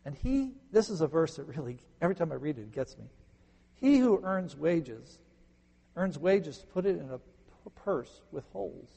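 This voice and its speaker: A man preaching a sermon as a pastor, swinging from emphatic peaks down to quiet low phrases. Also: sing-song, moderate pace, gravelly, breathy edge. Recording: long reverb in a large hall.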